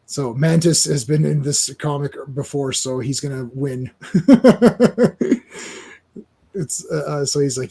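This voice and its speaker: Man, husky voice, casual comic chat, animated, playful voices. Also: on the high side, slow. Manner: animated, acts out comic dialogue in silly voices. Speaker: podcast host.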